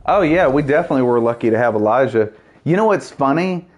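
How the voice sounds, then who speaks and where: A man's voice: mid-range voice, expressive, fast talker, a little mellow. A man giving casual, rambling gameplay commentary, joking and laughing at his own jokes. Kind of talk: casual let's-play chat.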